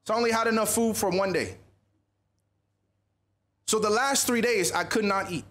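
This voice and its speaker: A man speaking at a youth conference, telling a personal story in a lively, animated sermon style. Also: sits high, moderate pace. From USA.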